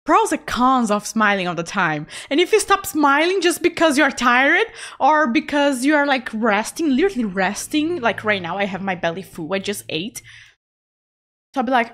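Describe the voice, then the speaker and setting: High-voiced chatty woman streamer. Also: lively intonation, moderate pace, a bit bright. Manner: chatty, laughs often, repeats words for emphasis. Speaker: art streamer. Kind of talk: casual chat while drawing.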